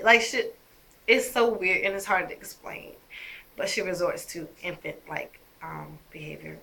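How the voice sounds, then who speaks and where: Woman vlogger with a bright, pointed voice, addressing her viewers emphatically and with indignation. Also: on the low side, unhurried, gravelly, slight background noise. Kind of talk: personal storytelling to camera.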